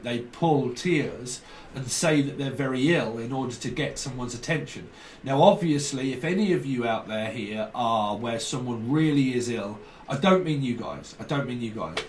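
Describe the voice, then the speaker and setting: Far from the microphone in a room with plenty of echo, a man talks through a tarot reading at normal speed and an average male pitch. His casual delivery wanders, jumping between associated words, repeating himself and looping back. A faint background hum runs underneath.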